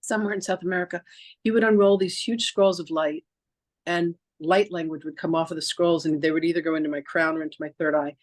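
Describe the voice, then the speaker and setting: With a steady tone on the low side and a quick pace, a woman reverend and podcast host shares a personal story, voicing the dialogue herself. The audio has no room sound, and her chatty delivery is full of "like" and restarts.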